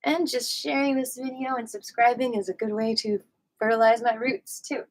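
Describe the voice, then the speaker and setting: A woman leading a live qigong class, gushing and encouraging, swooping high on affectionate words. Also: steady tone, normal speed, rough recording. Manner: gushing, sing-song, warmly encouraging. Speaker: qigong and yoga instructor. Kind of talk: live online movement class.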